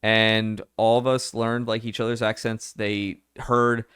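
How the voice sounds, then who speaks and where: A man's voice: fairly low pitch, flat delivery, measured pace, fairly bright tone, smooth, no room sound, clean studio sound. A man from the Philadelphia area talking casually and rambling while playing a game. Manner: rambling, restarts often. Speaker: gaming streamer. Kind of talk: casual gameplay commentary.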